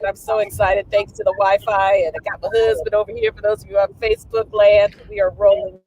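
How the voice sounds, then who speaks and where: A woman's voice: medium pitch, flat delivery, brisk, a little mellow, poor audio. A woman co-host joining a live talk show from a car on the road, playful and joking. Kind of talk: casual live chat. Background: car and road noise.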